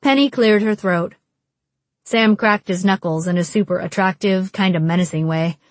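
A woman reading an audiobook in a wry, measured narration style. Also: medium pitch, dry recording.

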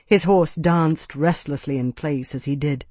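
A man narrating an audiobook in a measured, even storytelling voice. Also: fairly high pitch, no echo. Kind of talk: scripted narration.

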